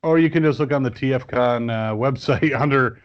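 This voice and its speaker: A man appears as a guest toy reviewer on a podcast, chatting casually and rambling with many fillers and restarts. He has a medium-pitched voice at a moderate pace, in a muffled recording.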